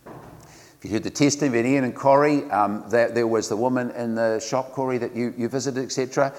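A man, a pastor preaching in an earnest, conversational way, often pausing on fillers and restarting phrases. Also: mid-range voice, fairly even intonation, darkish tone, big-room sound. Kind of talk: sermon. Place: church.

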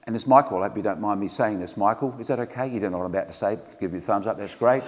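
New male pastor, low voice, earnest conversational sermon delivery, long reverb of a church hall. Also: very fast, few pauses, a little mellow. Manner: earnest, conversational preaching with frequent fillers and restarts.

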